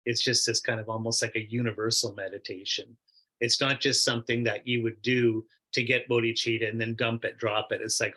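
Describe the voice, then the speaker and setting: A man's voice: fairly low pitch, little pitch movement, a little fast, pushed and bright, low-quality recording. Chatty man telling a teaching story. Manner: chatty and rambling, many fillers, quoted asides. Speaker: Buddhist meditation teacher. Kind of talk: casual storytelling in a Q&A discussion.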